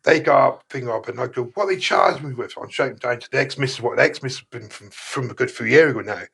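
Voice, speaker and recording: A middle-aged man talks in a gravelly, husky voice. He rambles loosely and swears often, full of "uh" and "type of thing". It sounds like casual storytelling as a podcast guest. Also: mid-range voice, fast talker, a bit bright. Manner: rough, sweary, rambling with many fillers. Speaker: guest, former prisoner.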